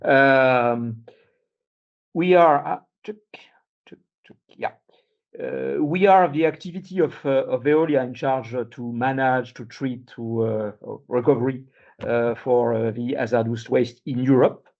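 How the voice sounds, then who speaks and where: A man speaking English, giving a halting workshop presentation full of "uh" fillers and restarts, recorded with a dull, muffled sound. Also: medium pitch, gravelly. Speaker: conference speaker.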